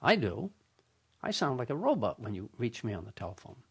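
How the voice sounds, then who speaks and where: An older male radio host spins a humorous yarn at a slow, deliberate pace. His pitch swings widely as he tells it, around a middling voice. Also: sing-song, vocal fry, breathy edge.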